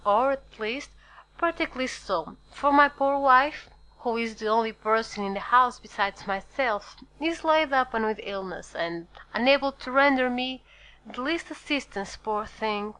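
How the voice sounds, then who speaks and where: A woman's voice: a little high, unhurried, bright, forceful tone, rough recording. A woman reading an audiobook, voicing a fawning, eager-to-please male innkeeper who talks in an effusive, apologetic rush. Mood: plaintive.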